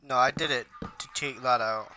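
A man's voice: medium pitch, fairly even intonation, normal speed, background noise. A man streaming a block-building game with friends, laughing helplessly and bossing the others around in casual chat. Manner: laughs helplessly, giggly and bossy.

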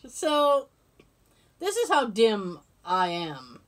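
A woman co-hosting a podcast tells stories in casual conversation, animated and laughing often. Her voice is medium-pitched at a moderate pace, with a little hiss or hum in the audio.

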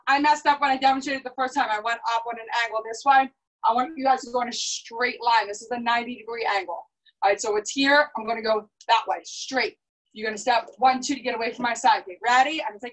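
A young woman teaching a karate class over a video call, brisk and commanding as she cues and counts drills. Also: on the high side, distant mic, low-quality recording. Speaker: karate instructor.

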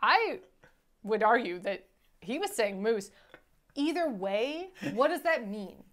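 A woman's voice: fairly high pitch, sing-song, slow. A woman co-hosting a film review podcast, blunt and sarcastic, swearing freely in casual chat.

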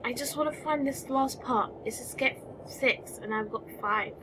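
A woman with a high voice does casual let's-play commentary at a moderate pace, chatting, talking to the game's creatures, exclaiming and muttering as she plays. Music plays behind her, and the background is noisy.

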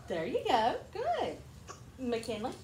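Teacher lady explaining stuff to little kids, kinda high voice, echoey classroom. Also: huge pitch swings, slow pace, a little mellow, a little hiss or hum. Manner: patient, explains with examples. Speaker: kindergarten teacher.

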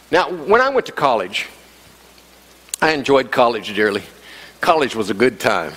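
A man's voice: medium pitch, very animated, normal speed, pauses often, a bit bright. A man preaching a sermon as the pastor, telling a story with humor, repeating himself and chuckling as he goes. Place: church sanctuary. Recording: long church hall reverb.

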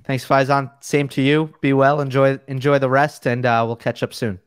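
A man's voice: medium pitch, steady tone, normal speed, clear, resonant tone, dry recording. Easygoing man guest, dry close sound. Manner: easygoing, hesitant with fillers and restarts. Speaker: tennis analyst guest. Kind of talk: casual chat.

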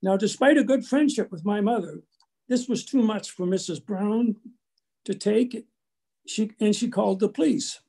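Older man giving a measured lecture. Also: high-pitched, gravelly, mellow, husky. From Canada. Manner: measured, slow storytelling with small restarts. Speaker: guest lecturer. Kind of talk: prepared lecture with anecdotes.

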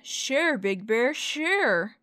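Woman playing a patient but stern old oak tree in a storybook, firm and slow, pitch rising and falling. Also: very animated, pushed and bright, no room sound, clean studio sound, exaggerated voice.

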